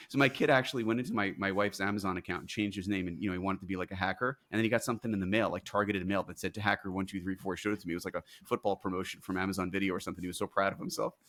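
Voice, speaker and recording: A middle-aged man, a guest on a podcast, telling stories in a lively, casual way and laughing often. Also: on the low side, racing. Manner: animated storyteller, laughs often. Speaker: guest, company CEO.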